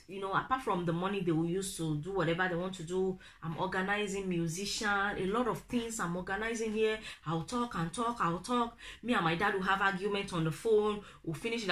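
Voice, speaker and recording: A young Nigerian woman with a Nigerian accent, telling a family story to her viewers, animated and acting out the people she quotes. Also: medium pitch. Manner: animated, acts out quoted family members in raised voices. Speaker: vlogger. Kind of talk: casual storytelling to camera.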